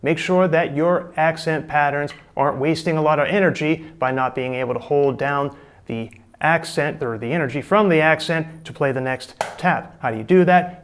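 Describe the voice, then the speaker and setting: A man's voice: on the high side, clear, resonant tone. A middle-aged man giving a casual, chatty drum lesson, explaining and demonstrating technique. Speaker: drum teacher.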